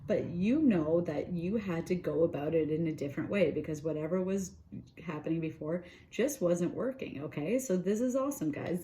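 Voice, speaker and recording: A woman on her regular channel talks through a tarot spread in a relaxed, mellow voice that sits a little low. She is chatty and filler-heavy, keeps checking in with the listener, and now and then acts out the voice of a thought. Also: a little hiss or hum. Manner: animated, voices inner thoughts in quoted asides. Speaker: tarot reader. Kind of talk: casual tarot reading.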